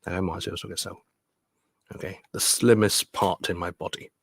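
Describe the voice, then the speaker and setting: A man's voice: low-pitched, fairly quick, vocal fry, breathy edge, no room sound, clean studio sound. A man with a Hong Kong English accent, reading a bedtime story to children and teaching them about rhyme. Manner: animated, code-switching, stressing words for children.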